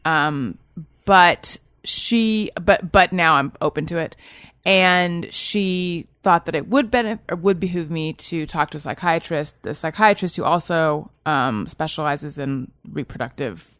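A woman's voice: low-pitched, a little slow, fairly bright tone, no room sound, clean studio sound. A woman in her thirties, a podcast host, chatting casually in a rambling, self-deprecating way, often restarting and rephrasing while telling a story about her own anxiety. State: anxious. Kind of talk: casual chat.

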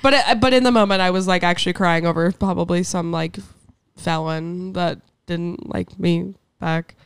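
A young woman in her twenties chatting in a quick, joking, dramatic way. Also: fairly low pitch, fairly even intonation, smooth, dry recording, clean studio sound. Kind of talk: casual chat.

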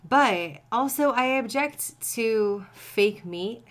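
A woman co-hosting a podcast in casual chat, opinionated and animated, slipping into mock voices to make her point. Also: a little high, takes it slowly. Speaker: podcast co-host.

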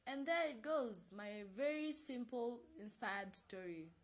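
A woman's voice: a little high, lively intonation, a little slow. Chatty young woman vlogging. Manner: chatty, repeats herself, frequent restarts. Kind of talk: casual to-camera chat.

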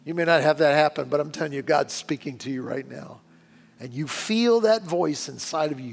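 A man preaching a sermon as pastor, earnest and pleading, often sinking to a hushed voice. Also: fairly high pitch, moderate pace, creaky. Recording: long reverb with faint music behind.

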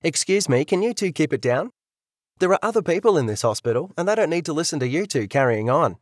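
A man's voice: on the high side, big pitch swings, fast talker, no echo, studio quality, voice pushed up. A man voicing a grumpy old woman nurse who scolds curtly, in an audiobook. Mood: annoyed. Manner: scolding, curt.

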